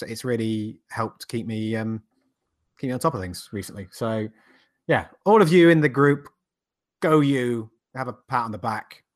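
A man hosting a casual podcast, laid-back and hesitant, with many filler sounds. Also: medium pitch. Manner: laid-back, lots of ums and uhs. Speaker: podcast host. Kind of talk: casual chat.

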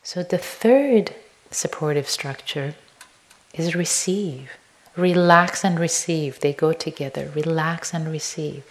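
A woman giving a dharma talk at an unhurried, spacious pace, her voice sitting a little low. She speaks gently, often sinking into a hushed whisper, then brightens into playful, expressive moments. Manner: slow and gentle, drops to a soft whisper at times. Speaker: meditation teacher.

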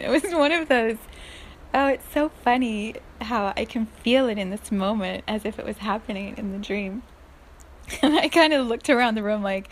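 A woman who works as an energy healer, telling a personal story in a chatty, animated monologue. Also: on the high side, normal speed, a little hiss or hum. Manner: chatty, animated, laughs often.

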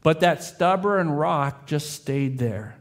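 A man preaching as pastor speaks slowly in a slightly high voice with lively intonation, voicing a boy and his father in an illustrative story. His tone then drops to a hush for the closing prayer.

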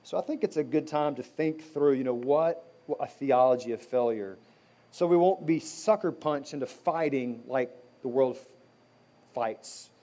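A man's voice: mid-range voice, moderate pace, mellow. A middle-aged man preaching a sermon as pastor, talking in a conversational way with asides and restarts.

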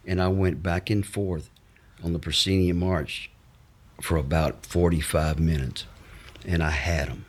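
A man with a drawl talks in a very low, gravelly-husky register as he rambles through old stories. He stops and restarts often, filling gaps with uh's. He slips into the voices of the people he remembers. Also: fairly even intonation. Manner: rambling, halting with many uh's, acts out the people he quotes. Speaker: guest telling life stories. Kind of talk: casual anecdotal storytelling.

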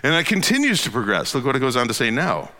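A man preaching a sermon, swinging between loud emphatic lines and hushed near-whispers. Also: mid-range voice, sing-song, quick pace, big-room sound. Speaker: pastor.

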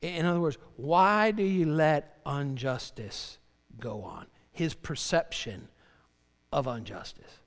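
Man, pastor, sermon, somewhat high voice, dramatic readings then hushed emphasis, long hall reverb. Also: takes it slowly. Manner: animated preaching, voicing Job's cries with rising pitch and dropping low for emphasis.

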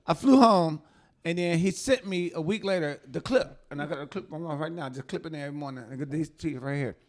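A man telling a funny story in casual chat, animated and profane, laughing often as he talks. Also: fairly high pitch, a little fast.

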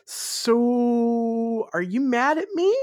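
A podcast host putting on a timid, passive-aggressive dark lord voice, pitched well above their own. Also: very slow. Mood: meek. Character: meek, nervous dark lord parody.

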